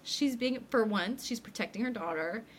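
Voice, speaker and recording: A woman's voice: on the high side, moderate pace, slight background noise. A young woman co-hosting a podcast, chatting casually and acting out characters' lines as she recaps an episode. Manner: animated retelling, acts out characters' lines. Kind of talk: casual chat.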